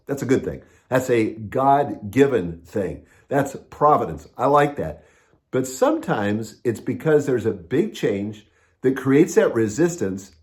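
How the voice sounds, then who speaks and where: A middle-aged American man giving a conference talk, telling stories and acting out what people said. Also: mid-range voice. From United States. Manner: animated storytelling, acting out quotes. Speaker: conference speaker.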